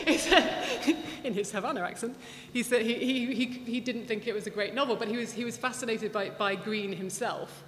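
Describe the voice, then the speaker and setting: Female guest speaker, lively storyteller, echoey hall sound. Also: on the high side, moderate pace, few pauses. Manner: chatty, animated, many restarts and fillers. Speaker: guest speaker at a public talk. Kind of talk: anecdotal lecture with audience Q&A. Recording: echoey hall, faint background noise.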